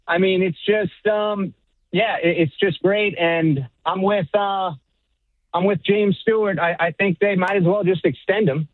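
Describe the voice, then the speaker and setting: A man's voice: high-pitched, steady tone, unhurried, dry recording. A man calling in to a sports radio show, speaking hesitantly with many fillers. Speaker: caller. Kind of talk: call-in sports talk. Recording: tinny phone line.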